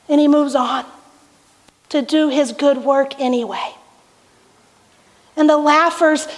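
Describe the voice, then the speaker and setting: Woman pastor, very high voice, slow deliberate sermon, rhetorical questions, long echoey hall reverb. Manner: storytelling with rhetorical questions and soft laughs.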